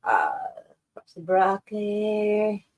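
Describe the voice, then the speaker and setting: A woman's voice: mid-range voice, big pitch swings, takes it slowly. Woman, live stream host, casual chat, gushing, swears a lot, rambling. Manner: effusive, profane, rambling.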